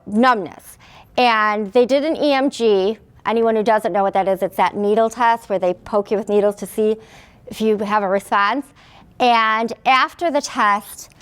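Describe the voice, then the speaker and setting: Woman telling a patient story, slightly high. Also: clear, resonant tone. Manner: storytelling, quoting others, laughing through. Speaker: patient speaker. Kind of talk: personal story talk.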